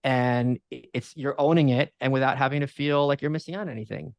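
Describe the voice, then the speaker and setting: A man's voice: mid-range voice, fairly even intonation, vocal fry, dry recording. Emphatic man in dry casual chat. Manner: emphatic, quick asides and restarts. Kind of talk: casual conversation.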